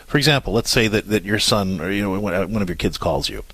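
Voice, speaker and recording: A middle-aged man hosting a call-in parenting advice radio show, talking fast and animated, often repeating words as he starts a thought. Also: lowish voice, slightly rough, no room sound.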